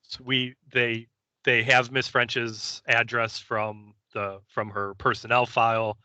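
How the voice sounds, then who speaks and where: A man co-hosting a podcast, casually recapping an episode scene by scene and slipping into quick character voices. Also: mid-range voice, level tone, pushed and bright, clear, resonant tone, no echo, dull audio. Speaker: podcast co-host.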